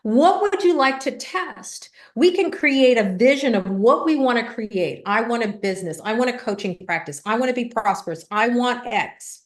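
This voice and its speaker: A woman's voice: on the high side, moderate pace, few pauses. A woman guest on an interview show, a business coach telling stories and acting out what people said. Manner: animated storytelling, acts out quoted voices. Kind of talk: conversational interview. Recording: echoey room.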